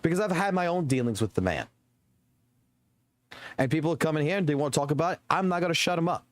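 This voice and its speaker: A man's voice: on the high side, animated, fast, no echo. Man, game streamer, casual rant, heavy swearing, emphatic repetition. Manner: profane, emphatic, repeats himself. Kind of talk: casual ranting to chat.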